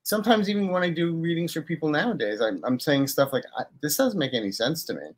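A man's voice: fairly high pitch, fast talker. A man who works as a psychic advisor, speaking as a guest in a casual, conversational interview. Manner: animated and conversational.

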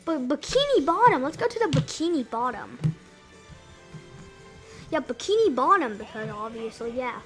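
A high-pitched woman chatters through casual let's-play commentary. She is excitable and rambling, restarting her sentences and exclaiming often. Game music plays faintly under her voice. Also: moderate pace, long pauses. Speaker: gameplay commentator.

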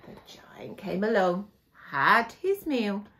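A woman teacher telling a fairy tale to young children, with dramatic, hushed moments. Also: medium pitch, slow. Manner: expressive, dramatic, hushed asides.

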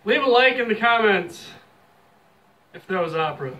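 A man's voice: high voice, animated, normal speed, bright, forceful tone. A man playing a casual challenge game with his sister, teasing her with dry quips. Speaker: guest, host's brother.

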